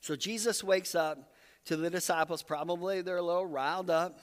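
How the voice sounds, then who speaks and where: A man's voice: high-pitched, fairly even intonation, normal speed. A man preaching a sermon as pastor, telling the story in a conversational, earnest way. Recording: long reverb from a hall.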